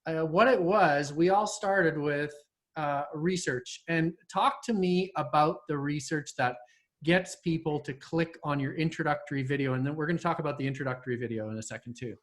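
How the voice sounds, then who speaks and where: A man hosting a casual interview, talking in a halting way with many fillers and restarts. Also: fairly high pitch. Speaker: host.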